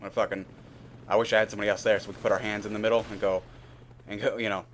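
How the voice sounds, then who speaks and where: A man's voice: lowish voice, fairly even intonation, racing. A young man telling a rambling, candid story over gameplay, swearing freely and acting out both sides of the conversation. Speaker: gaming video host. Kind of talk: casual gameplay commentary storytelling.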